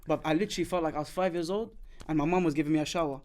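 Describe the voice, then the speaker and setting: A man with a high voice hosts a casual podcast chat. He tells a story with a lot of energy, acts out what other people said, and laughs through his lines in slangy talk. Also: very fast. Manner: animated, acts out dialogue of others. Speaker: podcast host.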